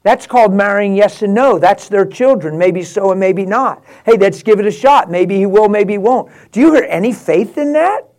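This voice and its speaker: A man preaching a sermon, rising to passionate, laughing exclamations and dropping to a hushed prayerful tone. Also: high-pitched, animated, normal speed, hardly any pauses. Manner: drops to a hushed prayerful tone near the end.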